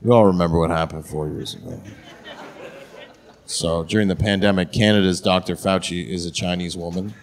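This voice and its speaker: A man's voice: deep voice, steady tone, a little fast, slight background noise. A man performing a crude, brash stand-up comedy set on a theatre stage. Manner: crude, brash punchline delivery.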